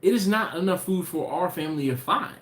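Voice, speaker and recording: A man's voice: high-pitched, lively intonation, fairly quick. An American man hosting a live stream, talking loosely with fillers and restarts. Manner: loose, rambling talk with fillers. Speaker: host. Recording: roomy echo.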